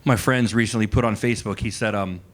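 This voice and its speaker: A man's voice: on the low side, fairly even intonation, fast talker. A man in his forties doing a loose, conversational stand-up set on a club stage, with lots of likes and asides. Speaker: stand-up comedian. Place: comedy club stage with live audience.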